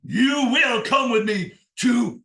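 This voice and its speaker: A man voicing the devil himself, loud and commanding, in a told folk tale. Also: slow pace, gravelly, reverberant, far from the mic, heavily acted. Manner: booming, commanding. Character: the devil, big and menacing, loud boss demon.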